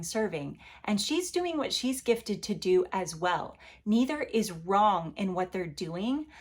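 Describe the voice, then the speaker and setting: A woman giving a devotional Bible lesson in a conversational, encouraging way, sometimes acting out quotes with playful energy. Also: mid-range voice. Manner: gentle and encouraging. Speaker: Bible teacher.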